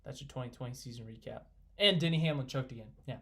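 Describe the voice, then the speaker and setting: Young man, live stream host, casual rambling chat, excitable, reads comments aloud, mid-pitched. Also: fast, a little hiss or hum.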